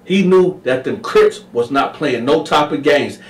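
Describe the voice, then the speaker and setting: Brief: casual male storyteller, mid-pitched, slangy, roomy echo from off-mic. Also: lively intonation, measured pace, distant mic. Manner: slangy, addresses listeners as y'all. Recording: echoey room, away from the mic.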